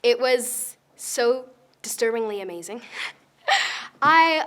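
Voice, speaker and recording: A young girl in her early teens, an actress being interviewed, telling stories in a giggly, excitable way. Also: high-pitched, unhurried. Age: young teen. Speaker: actress guest. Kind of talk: casual interview chat.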